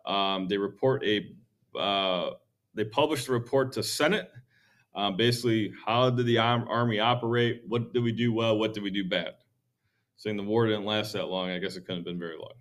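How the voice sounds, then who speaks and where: A man's voice: lowish voice, steady tone, moderate pace, a bit bright. Rambling man, podcast co-host. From Georgia, USA. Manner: loose, rambling, with many ums and uhs. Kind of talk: casual history chat.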